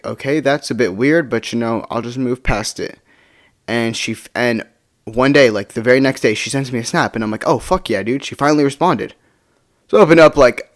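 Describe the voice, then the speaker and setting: A teenage boy from the United States telling a casual storytime, rambling with lots of fillers and swearing. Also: medium pitch.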